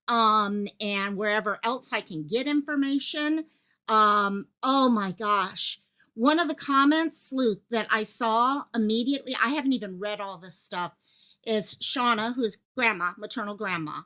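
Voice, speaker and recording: A woman runs a live stream from her home office, her voice bright and sitting a little high. She talks in an excited, breathless rush, leaving thoughts half finished as she jumps to the next one and greets viewers by name. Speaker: livestream host covering a missing-child case. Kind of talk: live-stream commentary, reading chat.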